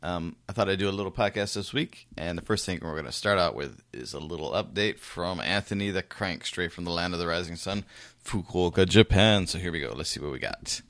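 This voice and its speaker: A man's voice: low voice, fairly quick, fairly bright tone, dry recording, studio quality. A man hosting a podcast in a casual, rambling way, with fillers and the odd chuckle. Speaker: podcast host.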